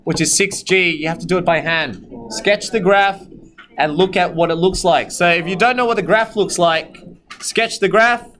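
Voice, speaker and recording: A man teaching a high school maths class in a classroom, sometimes sternly scolding the students at length. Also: a little fast, fairly bright tone, low-quality recording. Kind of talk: classroom lesson with calculator demo.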